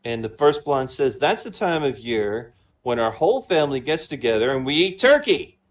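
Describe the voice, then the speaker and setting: A man's voice: mid-range voice, very animated, moderate pace, dull audio. A man telling a string of jokes in casual style, chatty and laughing at his own punchlines. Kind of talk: casual joke-telling on a voice chat. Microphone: online voice chat.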